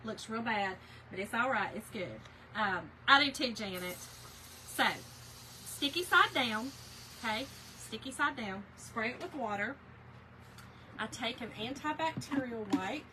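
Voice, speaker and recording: A woman's voice: a little high, measured pace, sharp tone, slight background noise, rough recording. A woman chatting with viewers by name while she demonstrates a craft project on a livestream, with many fillers. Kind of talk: casual livestream craft tutorial.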